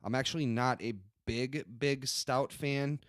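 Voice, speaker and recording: A young man talking loosely on a home beer podcast, his voice mid-pitched and dry with no room sound. He meanders through fillers and false starts while reading tasting notes aloud. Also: fairly even intonation, unhurried, smooth, no echo. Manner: rambling, many fillers and restarts, reads descriptions aloud. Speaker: podcast co-host reviewing beers.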